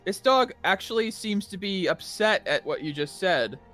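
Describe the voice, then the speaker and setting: A man's voice: high voice, normal speed, soft background music. A man narrating as game master of a tabletop role-playing game, chatty and full of fillers. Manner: chatty, lively, frequent fillers.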